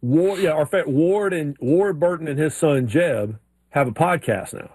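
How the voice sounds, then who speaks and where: A man co-hosting a sports radio show, an animated storyteller who slips into drawling voices. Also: fairly high pitch, unhurried, a crowd in the background. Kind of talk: casual sports chat.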